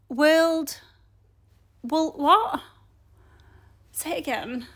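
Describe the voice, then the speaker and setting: Very high-pitched, giggly, hesitant woman. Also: very animated, slow pace, a bit bright. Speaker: vlogger's wife recording voice-over. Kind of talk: casual outtake attempts.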